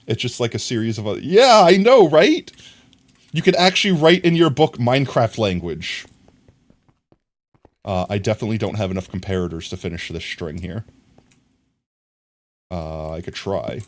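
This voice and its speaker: A man's voice: fairly low pitch, animated, normal speed, pauses often. An American man livestreaming a game from home, rambling casually and talking to his chat. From United States. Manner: rambling, chatty, talks to chat and reads it aloud. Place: home room with his dog.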